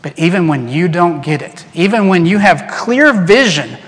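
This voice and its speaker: A male pastor delivers an animated sermon from a church sanctuary, his somewhat high voice ringing with long reverb. He swings between lively acted-out quotes and quiet, earnest passages. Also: moderate pace. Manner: animated preaching, acts out quoted voices, drops to soft earnest tones. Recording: long reverb in a large hall.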